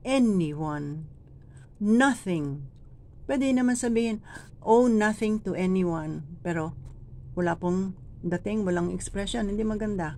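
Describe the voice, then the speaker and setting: A woman with a Filipino accent training church readers, speaking deliberately and demonstrating phrasing by reading lines aloud. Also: fairly low pitch, a little mellow, a little hiss or hum. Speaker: lector trainer. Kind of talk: teaching scripture reading in a workshop.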